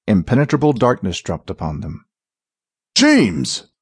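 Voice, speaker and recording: Husky, expressive male audiobook narrator. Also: medium pitch, normal speed, no echo, clean studio sound. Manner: dramatic, expressive reading. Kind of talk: scripted fantasy narration.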